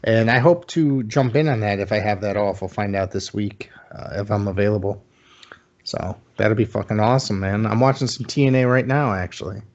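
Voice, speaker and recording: A man's voice: lowish voice, brisk. A man co-hosting a casual podcast chat, easygoing and joking. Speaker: podcast co-host. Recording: lo-fi call audio with faint noise.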